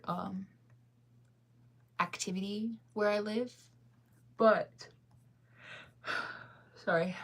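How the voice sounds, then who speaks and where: A sleepy woman hosts a relaxed livestream, answering viewers and often stifling yawns. Her talk is loose, rambling and giggly, and her voice sits a little low for a woman. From United States. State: sleepy, yawning. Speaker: livestream host. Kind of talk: casual livestream chat reading viewer comments.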